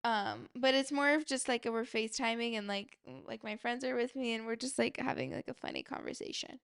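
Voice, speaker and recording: A woman's voice: on the high side, expressive, fairly quick, a bit bright, smooth, no room sound, studio quality. A young adult woman hosting a podcast, telling a story in a chatty way, filling her talk with "like" and speaking straight to her listeners. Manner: chatty, heavy use of "like", addresses listeners directly. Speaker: podcast host. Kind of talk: casual storytelling.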